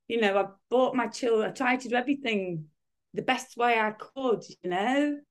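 A woman's voice: on the high side, moderate pace. A woman in her fifties, a guest in a casual interview, talking in rambling sentences full of restarts and fillers. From United Kingdom. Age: 50s.

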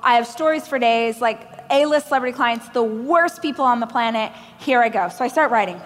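Brief: woman keynote speaker, bright high voice, lively self-mocking storyteller, big reverberant hall. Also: fairly quick. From Oklahoma, US. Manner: animated storytelling, acting out other people's lines; self-deprecating humor. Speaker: motivational speaker. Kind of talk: keynote speech. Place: large event stage.

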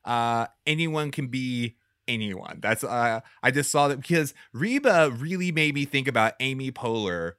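A man chatting casually on a movie podcast, laughing and exclaiming often. His pitch swings widely and his tone is bright and forward. The sound is close and dry. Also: expressive, normal speed, smooth, no echo. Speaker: podcast co-host.

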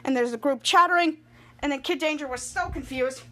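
A woman's voice: high voice, brisk, sharp tone. A woman hosting a podcast who casually recaps a TV episode, often restarting her sentences as she retells each scene. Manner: retells scenes with frequent restarts and quoted lines. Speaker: podcast host.

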